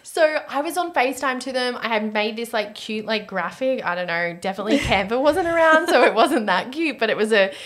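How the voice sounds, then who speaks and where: A woman's voice: on the high side, lively intonation, brisk, few pauses, a bit bright. A woman with an Australian accent hosting a wedding podcast in casual chat, talking freely with lots of fillers and frequent laughter. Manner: chatty, laughs often, many 'like' fillers.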